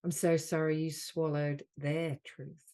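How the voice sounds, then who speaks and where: A woman leading a guided healing session as a soul mentor on a group call. She speaks in slow, soothing, repeated phrases. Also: sits low, level tone, warm tone. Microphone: video call.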